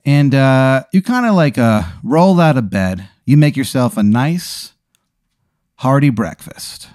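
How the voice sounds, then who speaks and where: A slow-speaking man with a mid-range voice hosts a podcast, improvising a rambling comedy bit full of animation and goofy put-on voices. It's clean studio sound with no room sound.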